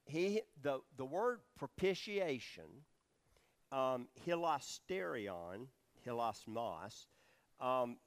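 In a very slow, sing-song, clean medium-pitched voice, a man teaches a Bible study sermon. He unpacks the meaning of words and asks the audience questions, with plenty of fillers.

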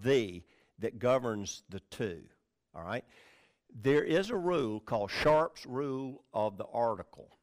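A male pastor teaching from the Bible in a conversational sermon, reading scripture with stress on key words and often checking in with the listeners. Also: medium pitch. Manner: conversational, checks in with "all right?" and "okay?".

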